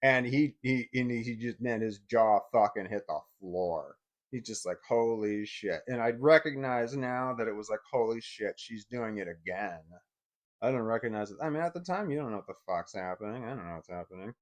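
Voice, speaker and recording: A middle-aged man speaks in a blunt, heavily profane way, telling a personal story straight to camera. His voice sits at an ordinary pitch for a man. He swings between heated outbursts and low, bitter muttering. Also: animated, brisk.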